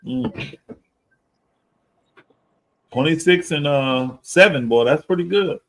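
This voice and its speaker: A man's voice: a little high, slow, fairly bright tone. Laid-back man musing over sports stats. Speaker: podcast co-host. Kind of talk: casual sports chat.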